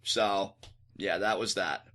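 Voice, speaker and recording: Bright-voiced animated man reviewing wrestling. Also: low voice, takes it slowly. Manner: animated, acts out quotes in exaggerated voices. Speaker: podcast co-host. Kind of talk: casual wrestling review chat.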